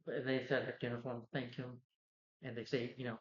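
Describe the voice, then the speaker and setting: Man, movie reviewer, loose rambling recap, mid-pitched voice, roomy dull lo-fi recording. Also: flat delivery, a little fast. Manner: rambling, full of "you know" and "like". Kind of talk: casual plot recap.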